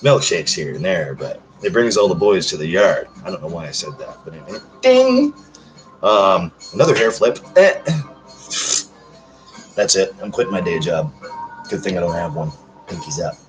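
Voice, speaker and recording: A man's voice: sits low, brisk, faint music behind, poor audio. A man in his thirties chatting casually on a livestream, reading out comments in a rambling, self-joking way. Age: 30s. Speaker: livestream host.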